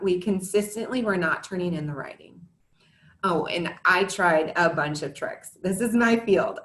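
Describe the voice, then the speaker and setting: In an echoey room, a woman with a mid-range, fairly bright voice delivers a prepared presentation to parents. She is in her thirties, a former teacher and a parent, and she sounds earnest and scripted, with honest asides along the way.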